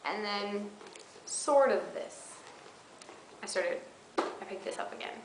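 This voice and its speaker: A woman's voice: mid-range voice, slow pace. A young woman, a college student, chatting casually to her webcam in a dorm room, rambling with giggles and fillers. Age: young adult. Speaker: college vlogger. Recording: roomy echo, faint background noise.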